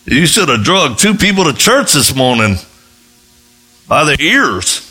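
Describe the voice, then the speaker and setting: A man preaching a sermon as a missionary, telling stories in an animated way and jumping into high voices when he quotes others. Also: measured pace, faint music behind. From United States. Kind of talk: sermon with storytelling.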